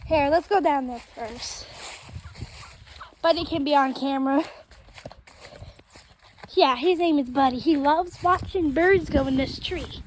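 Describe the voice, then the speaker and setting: Her voice sits high, and she talks a little slowly with frequent pauses. Walking through a backyard outdoors among trees and chickens, this vlogger chats with her viewers as "guys" while filming on her phone, with faint wind in the background.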